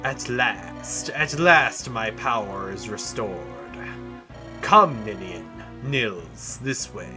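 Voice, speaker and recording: A man reading a gloating sorcerer villain in a slow, lowered voice, with game music underneath. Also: lively intonation. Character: menacing sorcerer villain, male, adult, cold.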